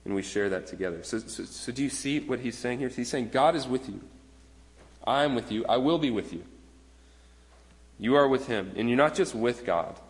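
Man preaching a sermon in a reverberant hall. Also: lowish voice. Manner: earnest, conversational preaching with repeated restarts. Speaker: pastor. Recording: long reverb of a large hall.

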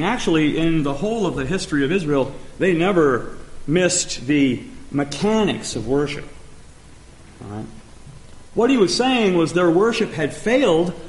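A man preaching a sermon, speaking emphatically and pausing often as he reads scripture. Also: a little high. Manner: slow, emphatic preaching with pauses and restarts. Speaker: pastor. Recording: echoey room.

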